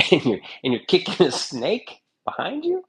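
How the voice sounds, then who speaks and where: A man's voice: on the high side, wildly swooping pitch, slow, slightly rough. A man chatting casually in his kitchen in a vlog, joking and swearing loosely. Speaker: streamer. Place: home kitchen.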